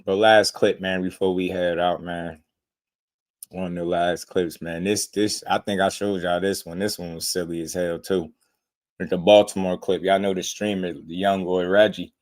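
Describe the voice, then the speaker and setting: A man's voice: deep voice, level tone, normal speed. A man hosting a boxing channel in casual chat, talking in laid-back slang and laughing often.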